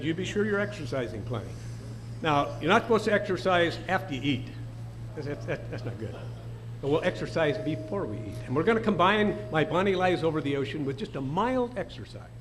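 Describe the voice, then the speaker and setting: A man's voice: sits high, fairly bright tone. An older man leading a dinner crowd in songs, telling jokes in a folksy, chuckling way. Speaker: song leader and emcee. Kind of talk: casual emcee patter and joke telling.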